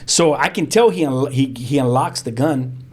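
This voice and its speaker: A man, a pastor telling his own story as a guest in lively, vivid storytelling with street slang and sound effects. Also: mid-range voice, normal speed, a little hiss or hum. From South Central Los Angeles. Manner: frequent restarts, street slang. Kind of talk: animated storytelling.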